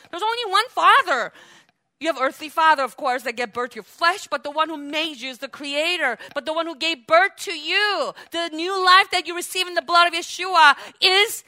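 A woman pastor preaching a sermon, dropping to quiet explaining and then rising into loud, high preaching, asking the congregation questions and calling for amens. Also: moderate pace.

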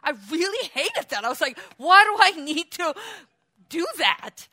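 A woman pastor preaching a sermon in a church, animated, acting out quotes and laughing often. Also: extremely high pitch, unhurried.

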